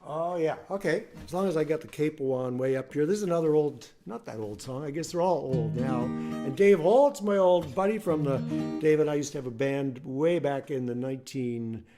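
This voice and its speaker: A man's voice: fairly high pitch, moderate pace, dark tone. Older man chatting over guitar. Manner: rambling, chatty, trails off and restarts. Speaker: singer-songwriter hosting a livestream. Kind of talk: casual chat between songs. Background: acoustic guitar.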